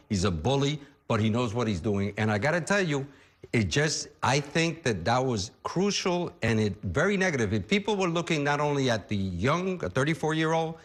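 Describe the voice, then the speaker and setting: A man talks politics on a studio panel in a blunt, emphatic way. He rambles, breaks off mid-thought and circles back, with his voice sitting at an ordinary middle pitch. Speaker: political commentator.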